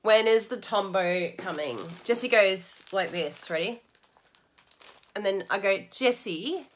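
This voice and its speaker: A woman's voice: medium pitch, measured pace. A woman from Australia with an Australian accent, chatting casually and bubbly to live-stream viewers about crafting, laughing often. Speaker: stamping and craft demonstrator.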